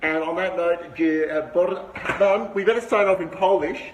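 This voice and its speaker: A man's voice: high voice, moderate pace, highs cut off. A middle-aged man hosting a live-streamed vlog from an indoor room, talking enthusiastically and greeting his viewers by name. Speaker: livestream host. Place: indoor room with a window view. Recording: noisy livestream audio.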